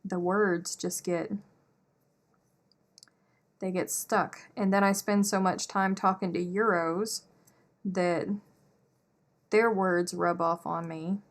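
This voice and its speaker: A woman's voice: lowish voice, steady tone, takes it slowly, pauses often. A woman, chatting casually on a crochet live stream and laughing often. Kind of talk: casual chat while crocheting.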